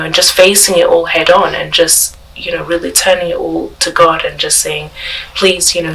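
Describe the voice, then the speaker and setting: A woman's voice: lowish voice, gravelly, sharp tone, far from the mic, poor audio. A woman guest on a parish podcast, telling her faith story in a reflective way with many fillers and restarts.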